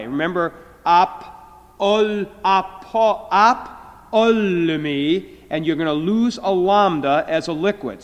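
A middle-aged professor lectures to a class, stretching his words and restarting as he explains. His voice sits high for a man. The sound carries a long reverb from a lecture hall. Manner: explains slowly, drawing out words, with filler restarts. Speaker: Greek professor.

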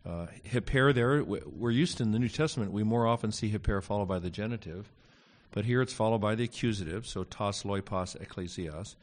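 A man with a fairly low voice lectures on Greek grammar to a class. He speaks haltingly, filling pauses with fillers and slipping in wry asides. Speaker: Greek teacher.

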